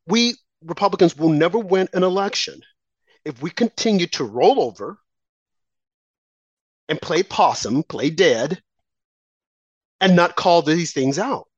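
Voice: medium pitch, dry recording. A political commentator giving an impassioned monologue, repeating phrases, firing off rhetorical questions and mocking opponents in quoted asides. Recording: slightly dull lo-fi recording.

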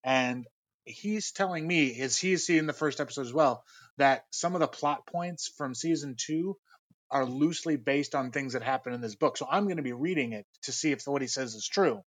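A man's voice: medium pitch, normal speed, no echo. A man co-hosting a podcast, chatting in an easygoing way with nerdy enthusiasm. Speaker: podcast co-host. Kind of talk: casual pop-culture chat.

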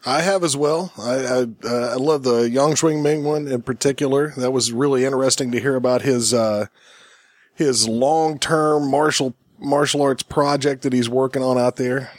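A man's voice: mid-range voice, fairly even intonation, normal speed, dry recording, clean studio sound. A man in his thirties hosting a casual podcast, joking, laughing often and rambling with restarts. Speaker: podcast host.

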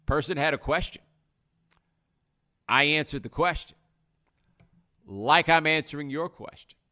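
A man's voice: fairly high pitch, a little slow. A man hosting a live stream, talking casually in slang and acting out other people's words. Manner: animated, slangy, acts out other people in quotes. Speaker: host.

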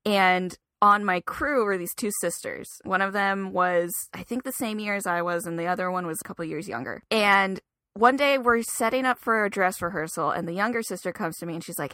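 This young adult woman co-hosts a podcast, and her delivery is brisk at a medium pitch with no room sound. She's a lively storyteller in relaxed conversation, frequently laughing and performing the lines she quotes.

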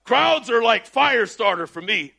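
Male preacher, loud and emphatic sermon delivery, high bright voice. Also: lively intonation, measured pace, creaky, husky. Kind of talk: energetic sermon. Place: Texas.

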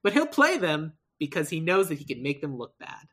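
A woman hosting a podcast in casual, animated chat, laughing often and swearing casually. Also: low voice, brisk, slightly rough.

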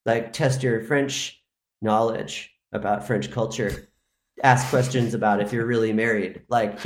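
A man rambles through a casual story as a podcast guest, filling it with "like" and loose asides. His voice sits at an ordinary middle pitch. It echoes around a roomy space. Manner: rambling storyteller, heavy use of filler "like". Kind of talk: casual chat. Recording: roomy echo.

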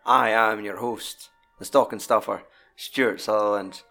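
Scottish man, podcast host, gravelly, casual sweary chat, young adult. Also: lowish voice, steady tone, measured pace, pushed and bright, soft background music. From Scotland. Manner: sweary, jokey banter.

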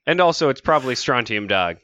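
A man's voice: mid-range voice, lively intonation, brisk, sharp tone, no echo. A man co-hosting a casual podcast, tossing in wry jokes and laughing asides. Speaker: podcast co-host. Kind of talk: casual chat.

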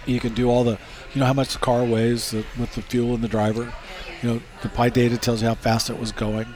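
A man's voice: mid-range voice, little pitch movement, fairly quick, darkish tone. Man telling stories with easy laughs. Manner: anecdotal, laughs through stories, frequent fillers and restarts. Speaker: racing safety expert. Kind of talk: casual interview storytelling.

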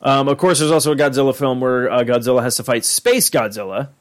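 A man co-hosting a podcast, talking casually in a rambling, profane, animated way. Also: mid-range voice, fast talker. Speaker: podcast co-host.

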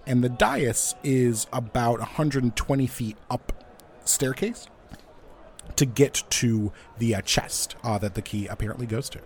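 A man's voice: medium pitch, unhurried, a little hiss or hum. A man narrating and running a tabletop role-playing game in a playful manner, with frequent fillers. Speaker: game master.

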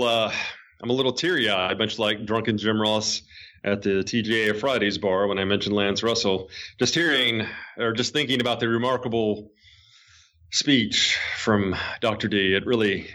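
A man's voice: fairly low pitch, normal speed, pushed and bright. A man hosting a wrestling podcast, joking casually and reading ads. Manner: joking, chatty, with fillers. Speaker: podcast host. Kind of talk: casual podcast chat and ad read.

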